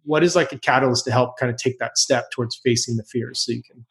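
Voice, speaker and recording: A man's voice: medium pitch, fairly even intonation, fast, vocal fry, a bit bright. A man hosting a podcast, curious and rambling, with frequent restarts. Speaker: host. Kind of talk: casual podcast conversation.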